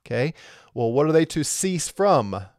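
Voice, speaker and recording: A man's voice: fairly high pitch, very animated, a little slow, darkish tone, no echo, clean studio sound. Man teaching scripture with rhetorical questions. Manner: explains step by step, asks rhetorical questions. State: has a lingering cough. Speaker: Bible teacher. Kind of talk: verse-by-verse Bible teaching.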